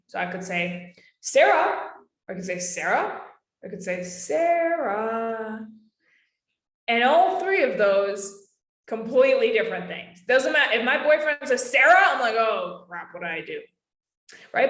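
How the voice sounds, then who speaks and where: A young adult woman presenting a live webinar in a casual, emphatic way, often calling her listeners guys. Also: mid-range voice. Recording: roomy echo.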